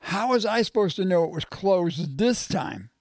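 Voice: mid-range voice, lively intonation, normal speed, dry recording, lightly acted. Reader doing a bumbling bossy principal guy, indignant, dry sound. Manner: demanding, indignant. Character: self-important, bumbling male school principal.

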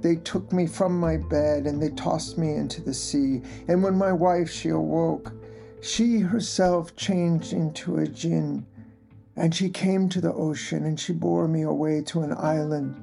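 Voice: mid-range voice, steady tone, measured pace, creaky, mellow, faint music behind. A storyteller voicing an old merchant who recounts his own tale in an earnest, pleading way.

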